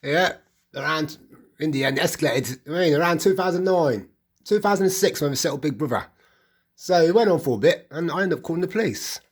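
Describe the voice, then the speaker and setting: A man's voice: on the high side, animated, brisk, slightly rough. A middle-aged man with a West Midlands accent who tells a personal account in a rambling, repetitive way, full of stammered restarts. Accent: West Midlands English. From England. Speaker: vlogger.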